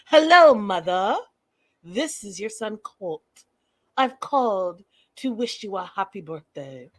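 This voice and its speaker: A woman voicing a creepy adult son who speaks to his mother in slow, flat, overly formal words. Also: medium pitch, no echo. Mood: stiff.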